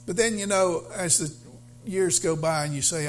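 A male pastor preaching a sermon, halting with fillers, then building to fervent emphasis. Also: on the high side, a little hiss or hum.

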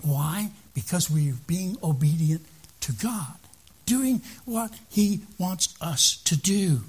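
A man preaches to his congregation in a high, somewhat husky voice. He speaks in a plain conversational way, often repeating a word or restarting a phrase before pressing his point. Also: animated, slow, a little mellow. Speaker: pastor. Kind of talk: sermon.

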